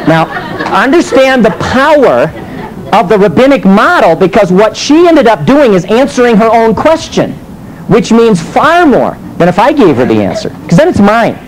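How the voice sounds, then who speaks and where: Lively man teaching with rhetorical questions. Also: high-pitched, normal speed, a faint crowd, low-quality recording. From United States. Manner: animated storytelling with rhetorical questions. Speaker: teacher and minister. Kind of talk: teaching sermon.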